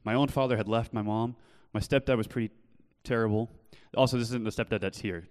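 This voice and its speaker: A young man preaching earnestly in a church, telling his own story and then pleading gently with listeners. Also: on the low side, fairly even intonation, a little fast, few pauses, smooth, big-room sound. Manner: earnest, shifts from loud storytelling to soft pleading. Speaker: pastor. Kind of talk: sermon with personal testimony. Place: church hall.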